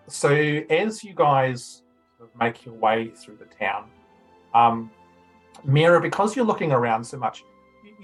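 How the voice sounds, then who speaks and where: A man narrating a tabletop game as game master, describing scenes in a relaxed, loose way. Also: fairly high pitch, low-quality recording.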